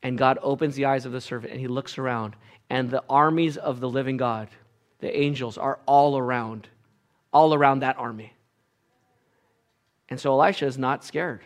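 A man preaching a sermon, retelling a Bible story in a casual, animated way, acting out the characters' voices with big swings from hushed to loud. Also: mid-range voice, moderate pace, pauses often. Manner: casual asides and filler restarts. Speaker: pastor.

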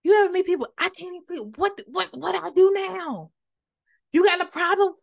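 A woman voicing an indignant, exasperated young shepherd man, high and emphatic. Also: fairly even intonation, racing, a bit bright, dry recording.

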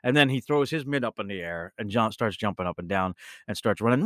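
Man, podcast host, rambling storyteller, lively swooping pitch, dry close sound. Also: fairly quick, no echo. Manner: animated, rambling, with self-corrections and bursts of laughter. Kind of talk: casual storytelling monologue.

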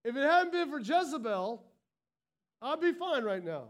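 A man's voice: very high-pitched, big pitch swings, normal speed. A man voicing a self-pitying grown man who blames others for his troubles, in a whiny, aggrieved way.

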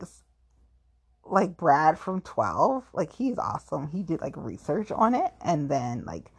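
A woman's voice: deep voice, husky. A woman chatting casually, rambling and filling her talk with "like", playfully self-mocking. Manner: rambling, heavy use of "like"; playful, self-mocking about being petty. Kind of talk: casual chat.

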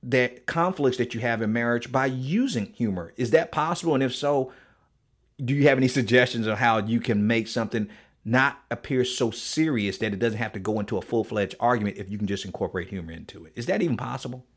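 A man's voice: medium pitch, fairly quick. A man hosting a podcast, asking long conversational questions with plenty of fillers and hedges. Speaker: podcast host. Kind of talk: interview questions.

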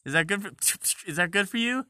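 A man voicing a leering male bidet that teases and pushes loudly. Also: high-pitched, expressive, fast, dry recording, clean studio sound, pitched above the performer's own voice, full character voice. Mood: teasing. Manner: teasing, loud and pushy.

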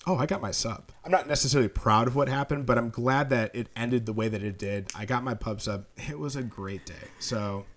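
Lively man telling a story on a podcast. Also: medium pitch, a little fast, few pauses. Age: adult, married. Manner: animated storyteller, jokey, acts out quotes. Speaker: podcast co-host. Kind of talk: casual chat, storytelling.

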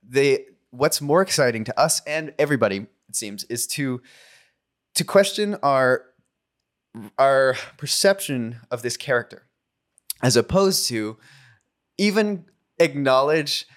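A man in relaxed podcast conversation, thinking out loud in long rambling sentences that often trail off. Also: medium pitch, unhurried, pauses often. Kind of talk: casual conversation.

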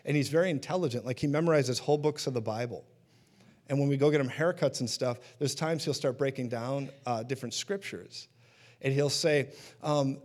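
A man's voice: medium pitch, brisk, a little mellow. A man preaching a sermon in a conversational teaching manner, often checking in with his listeners.

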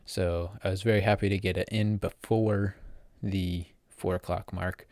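A deep-voiced teenage man tells his story in a loose, casual vlog style. He rambles, piles up fillers and corrects himself mid-sentence. The sound is dry and close, with no room around it. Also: little pitch movement, measured pace, darkish tone, no echo. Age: teens. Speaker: vlogger.

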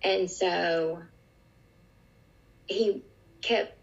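A middle-aged woman with a deep, gravelly rasp gives an interview about a personal experience. She tells it earnestly and vividly, stopping and restarting her sentences. The recording sounds dull and lo-fi. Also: fairly even intonation, extremely slow.

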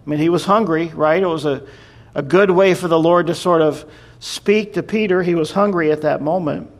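A man's voice: fairly high pitch, moderate pace. A man preaching a sermon, retelling and explaining scripture in a conversational storytelling way. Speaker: pastor.

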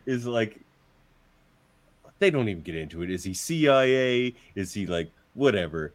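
A man's voice: lowish voice, animated, normal speed, dry recording. A man co-hosting a movie podcast, chatting with wry, laughing asides. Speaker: podcast co-host. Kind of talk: casual movie review chat.

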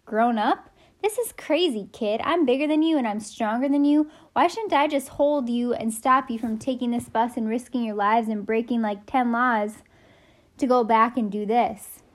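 A woman voices a gruff grown man in an audiobook, exasperated and protective. He blusters loudly, then softens into sincere pleading. The voice sits fairly high. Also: fairly even intonation, normal speed, few pauses, natural voice.

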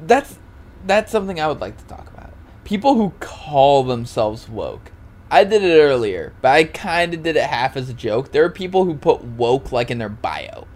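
Podcast dude rambling and laughing, swears a bunch, super casual. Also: male voice, medium pitch, big pitch swings, normal speed. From Oregon, US. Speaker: podcast co-host.

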